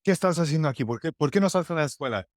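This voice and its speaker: A man voicing his angry middle-aged mother, yelling a string of questions in a raised voice. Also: a little high, lively intonation, very fast, no echo, clean studio sound, voice pushed up, close to an everyday voice.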